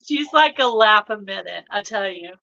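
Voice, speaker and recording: Casual livestream host, woman, bright tense tone, slow rambling delivery, muffled lo-fi sound. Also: medium pitch, vocal fry. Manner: chatty, rambling, with frequent laughs and fillers. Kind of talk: casual live chat. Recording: dull lo-fi livestream audio.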